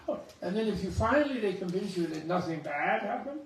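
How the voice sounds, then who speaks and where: A man with a raspy, gravelly voice pitched a little high gives a Buddhist talk, telling animated stories with chuckling asides. He sounds distant from the mic. A long, booming hall echo surrounds every word. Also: fairly quick, few pauses, a little hiss or hum. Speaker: Buddhist scholar giving a talk. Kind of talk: dharma talk with anecdotes. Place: temple hall.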